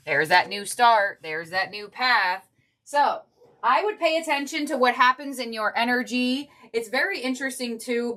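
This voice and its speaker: A woman's voice: a little high, bright, forceful tone. A woman giving a casual tarot reading, chatty and heartfelt, thinking aloud as she goes. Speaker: tarot reader.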